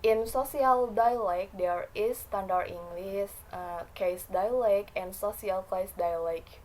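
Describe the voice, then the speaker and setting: A woman's voice: mid-range voice, slow, a little mellow, low-quality recording. A woman reading a class presentation from notes, with frequent fillers and small slips.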